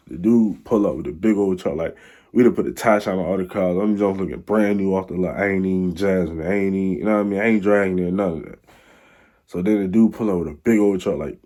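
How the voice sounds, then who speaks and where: A man's voice: low-pitched, brisk, dark tone. A young man telling a rambling, slang-filled story in a casual storytime vlog. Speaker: vlogger.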